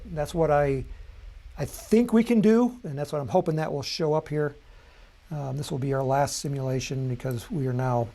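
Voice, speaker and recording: Guy at his desk doing a live software walkthrough, chatty, lots of ums and restarts. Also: fairly high pitch. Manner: casual, thinking aloud, frequent ums and self-corrections. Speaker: software tutorial instructor. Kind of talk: live screen-share software tutorial. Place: at a computer desk.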